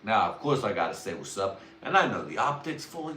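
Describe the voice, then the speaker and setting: A man's voice: lowish voice, very animated, brisk, few pauses, sharp tone, recorded from a distance, slight background noise. Crude rambling man on a livestream. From Mexican family. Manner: crude, rambling, heavy swearing. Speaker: livestream host. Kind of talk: casual livestream monologue. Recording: roomy sound from away from the mic.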